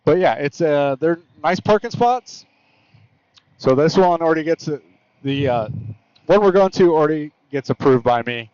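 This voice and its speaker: A man's voice: fairly high pitch, lively intonation, normal speed, darkish tone, clear, resonant tone, dry recording, dull audio. Rambling man narrating a ride. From United States. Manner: rambling, chatty, self-correcting with fillers. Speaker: motorcycle vlogger. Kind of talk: casual narration while riding. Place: on a motorcycle on open roads.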